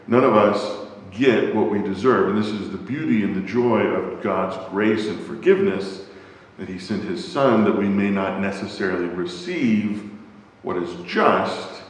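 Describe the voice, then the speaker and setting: Deep-voiced man teaching in an echoey hall. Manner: thoughtful, searches for words, many fillers. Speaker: Bible class teacher. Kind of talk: church Bible class lecture. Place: church classroom.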